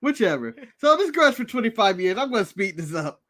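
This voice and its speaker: Um homem dos Estados Unidos, co-apresentador de podcast, em conversa descontraída, animado e provocador, rindo com frequência. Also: male voice, high-pitched, brisk. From United States. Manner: animated, teasing, laughs often. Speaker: podcast co-host. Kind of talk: casual chat.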